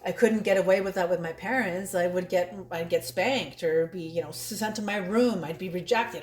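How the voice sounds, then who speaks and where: A woman's voice: lowish voice, moderate pace, few pauses. A woman giving a casual spoken tarot reading, blunt and laughing often, swearing freely. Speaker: tarot reader. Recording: roomy echo.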